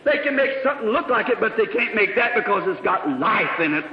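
A man from Indiana preaching a sermon, telling a story with fervor and rising to shouts. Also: sits high, expressive, a little fast, a little hiss or hum. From Indiana, USA. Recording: echoey hall, dull old recording.

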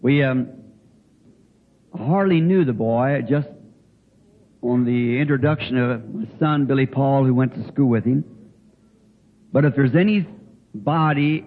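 An older man preaching in a folksy way, telling a homespun story with halting restarts. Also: medium pitch. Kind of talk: folksy sermon anecdote. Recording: tinny phone-like old recording with faint hiss.

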